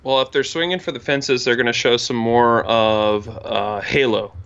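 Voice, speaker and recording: A man co-hosting a casual podcast chat, relaxed and a little hesitant, trailing into fillers. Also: mid-range voice, normal speed, clean tone, lo-fi sound. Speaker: podcast co-host.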